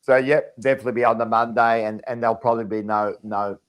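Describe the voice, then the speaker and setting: An Australian man co-hosting a casual sports fan chat. He gets excitable and rambles, restarting sentences and repeating words. His voice sits in an ordinary middle pitch. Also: quick pace. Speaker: podcast co-host.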